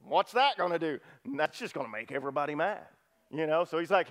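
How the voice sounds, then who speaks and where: Male pastor, middle-aged, high voice, animated storyteller who drops to a near hush for quiet moments. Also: quick pace. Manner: animated storytelling, acting out disciples' lines, swings loud to hushed. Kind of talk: sermon.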